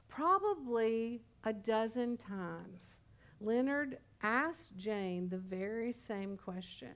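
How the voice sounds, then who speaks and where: At a church service, a woman pastor in her sixties preaches a sermon in a conversational, storytelling way, tossing in humorous asides. Her voice is a little high and expressive, and she speaks slowly.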